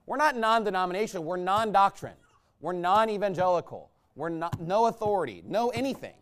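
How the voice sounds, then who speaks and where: A man preaching a combative, mocking sermon, swinging between low muttering asides and loud outbursts. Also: animated, a little fast. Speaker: pastor. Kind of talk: fiery sermon rant.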